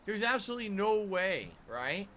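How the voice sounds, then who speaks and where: A man's voice: sits high, sing-song, normal speed, sharp tone, slight background noise. A man streaming a video game, musing to himself and asking questions aloud as he plays. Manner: musing, talks to himself while playing. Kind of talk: let's-play commentary.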